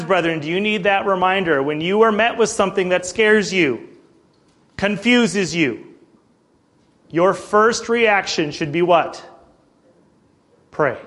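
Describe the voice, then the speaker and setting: A man with a high voice preaches a sermon and reads scripture aloud. He keeps asking the congregation rhetorical questions. When he fires them up, his voice climbs and gets louder. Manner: rhetorical questions, swells louder and higher when stirring the crowd.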